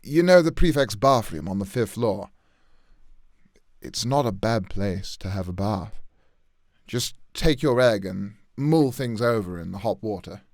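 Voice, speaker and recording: A man's voice: fairly low pitch, expressive, a little slow, gravelly, darkish tone, no echo, clean studio sound. A man voicing a friendly, easygoing young male student wizard in a plain, generic voice.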